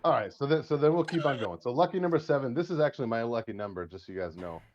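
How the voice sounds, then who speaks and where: A man's voice: medium pitch, lively intonation, racing, darkish tone, lo-fi sound. A man hosting a casual podcast who rambles, swears freely and repeats his words. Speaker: podcast host.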